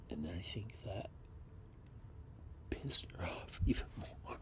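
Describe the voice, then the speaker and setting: Man in his fifties, rambling voice message, gravelly low-key voice, slow and half-whispered, sitting in a basement. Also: a little hiss or hum. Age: 50s. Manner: slow, rambling and upset, often dropping to a whisper. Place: basement of a house.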